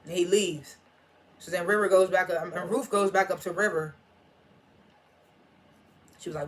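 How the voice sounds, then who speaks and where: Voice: mid-range voice, steady tone, moderate pace, pauses often, slight background noise. A reviewer giving a casual, slangy recap of a TV episode, laughing and restarting often. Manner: chatty, slangy retelling with laughter; frequent restarts and repeated names.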